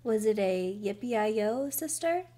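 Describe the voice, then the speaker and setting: A timid younger sister from a children's storybook, as a woman reader puts her on. She sounds meek and fretful, her voice lifted a little higher. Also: lively intonation, slow, warm tone.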